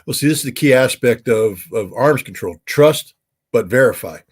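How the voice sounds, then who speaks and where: A former weapons inspector speaks emphatically as a guest in a casual interview, with many "uh" and "um" fillers. His mid-range voice is animated with a breathy edge and a moderate pace.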